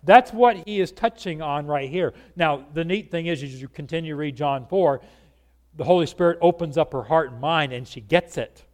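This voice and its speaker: A man preaching a conversational sermon, earnest and animated, often asking his listeners rhetorical questions. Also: on the high side, moderate pace.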